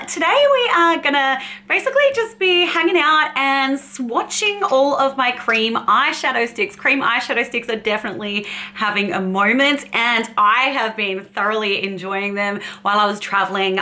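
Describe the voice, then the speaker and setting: A woman's voice: a little high, lively intonation, normal speed, bright, forceful tone. A woman beauty vlogger chatting casually and cheerfully as she swatches makeup, laughing often.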